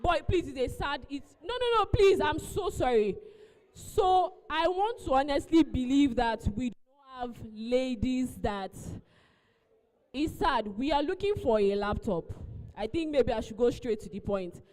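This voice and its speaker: A woman's voice: sits high, lively intonation, measured pace, darkish tone. A woman hosting a live event, coaxing the crowd and repeating her pleas as she makes announcements. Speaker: event host. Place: large event hall. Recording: long hall reverb.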